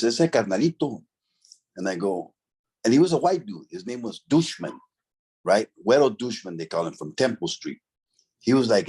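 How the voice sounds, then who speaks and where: A middle-aged man with a deep, slightly rough, somewhat mellow voice tells a story from his past. He is an interview guest and former convict, talking in a casual, profane, streetwise way full of "bro" and "right?".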